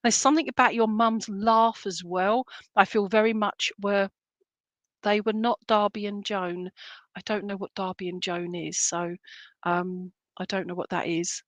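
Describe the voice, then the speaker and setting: Chatty spiritualist medium, dry sound. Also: female voice, medium pitch, steady tone, no echo. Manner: halting, searching, full of fillers and restarts; relays spirit messages in a chatty, jokey way. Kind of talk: clairvoyant reading in an online church service.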